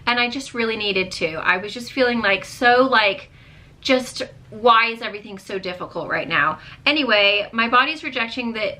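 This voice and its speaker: Woman, 30s, vlogger; bright, chatty, venting delivery with fillers. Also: mid-range voice. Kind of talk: candid casual chat to camera.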